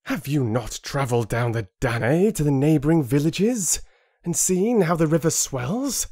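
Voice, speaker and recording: A man's voice: mid-range voice, sing-song, unhurried, dry recording, clean studio sound, voice pushed up. A man voicing an angry, defiant young man who speaks in a bitter, accusing tone in an audiobook.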